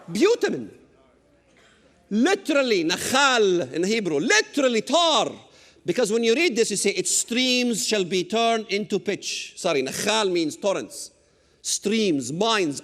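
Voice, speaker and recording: Preaching on scripture with fire, this middle-aged Arabic-speaking man has a notably high, lively voice whose pitch swoops up and down. Sudden shouts and playful, teasing asides punctuate his message, and a long echo rings through the hall.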